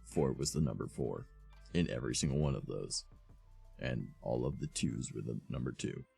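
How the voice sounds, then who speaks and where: A man's voice: extremely low pitch, moderate pace, creaky, warm tone, husky, soft background music. A male streamer reading fanfiction aloud for comedy, with sarcastic asides between the dramatic readings, from a home streaming setup.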